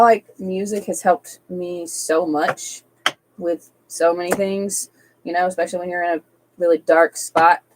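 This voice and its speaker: A woman's voice: on the low side, a little hiss or hum, rough recording. A woman doing a live-streamed tarot reading, reading card texts aloud evenly and slipping into casual, chatty asides. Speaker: tarot reader.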